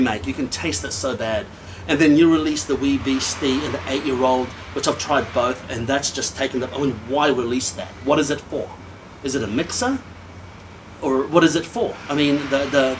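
A man of ordinary pitch, a little tipsy, talks through a whisky tasting. He slides from quiet appreciation into animated rants, swearing freely. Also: noisy background. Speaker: whisky reviewer. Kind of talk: casual tasting review.

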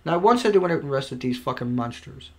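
A man recording an angry, profane rant to camera, swinging between yelling and quiet muttering. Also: mid-range voice, animated, fast. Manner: profane, shouting and then dropping to quiet. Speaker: video blogger. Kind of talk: angry ranting monologue. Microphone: home recording mic.

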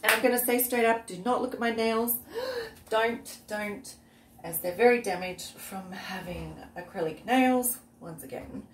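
A woman's voice: mid-range voice, moderate pace, reverberant. Aussie lady with a cough rambling thru a cooking vlog, kinda far off mic, faint noise behind. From Australia. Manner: chatty, rambling, often trails off into asides. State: unwell, coughing. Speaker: vlogger. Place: outdoors on a windy day.

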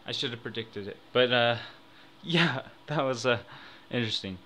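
A young man giving casual commentary on a gaming gamble video, excitable and swinging from mumbles to shouts. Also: medium pitch, normal speed. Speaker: gaming YouTuber. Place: home room. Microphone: desk microphone.

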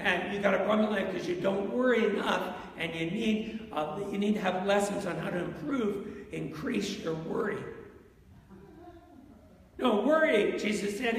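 With a high, slightly bright voice and a little background noise, a male pastor delivers a conversational sermon, putting questions to his congregation. The sound comes from far off in the sanctuary's echoey hall.

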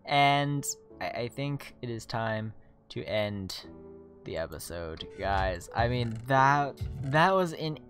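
A gaming video host chatting through a let's-play, excitable and rambling with restarts, tired. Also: mid-range voice, takes it slowly, faint music behind. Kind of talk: casual let's-play commentary.

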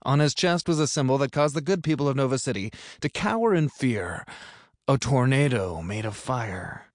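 A man narrates an audiobook with an upbeat, playful delivery. His voice sits at a middle pitch. The booth recording is dry and close to the mic. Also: animated, normal speed, dry recording. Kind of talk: scripted narration.

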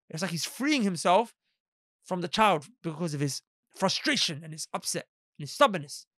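An Islamic teacher gives a lively Quran lesson, acting out quoted voices and throwing rhetorical questions at his listeners. His voice sits high and moves a little fast. The recording is dry and of studio quality.

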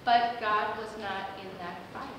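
A woman pastor preaching a sermon, telling a story with lively acted-out quotes. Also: medium pitch, measured pace, distant mic, slight background noise. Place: large church sanctuary. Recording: echoey church hall recorded from afar.

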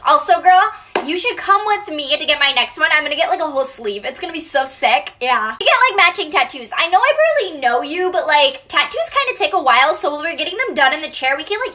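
Boastful, oblivious, high-pitched, bright, woman acting teen girl. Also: exaggerated voice. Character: reckless bragging teen girl with tattoo. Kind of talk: comedy sketch acting.

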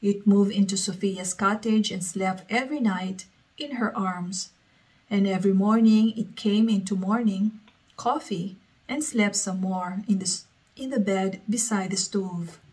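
A woman reading a story aloud as a storyteller, slowly and evenly. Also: mid-range voice, a little mellow, rough recording.

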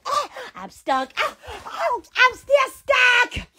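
Bright, slow-talking woman hosting a livestream; giggly, rambling, full of exclamations. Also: extremely high pitch, big pitch swings. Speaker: livestream host. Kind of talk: casual Instagram livestream chat.

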